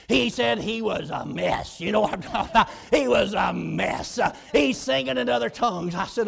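Gravelly high-voiced preacher. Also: male voice, moderate pace, hardly any pauses. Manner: animated, acts out voices, shouts and laughs. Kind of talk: storytelling sermon.

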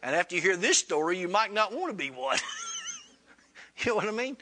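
A man's voice: very animated, quick pace, sharp tone. A man preaching a sermon, retelling a story in plain, folksy speech and acting out both sides of the dialogue. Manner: retells dialogue with rising pitch, Southern colloquial grammar.

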